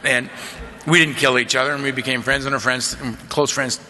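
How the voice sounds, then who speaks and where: A man speaking at a convention, telling his recovery story in a lively, conversational way, peppering his talk with "man" and "right?". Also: mid-range voice, brisk, a little hiss or hum. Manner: animated, conversational, drawling asides of "man" and "right?". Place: large convention hall. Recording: long hall reverb.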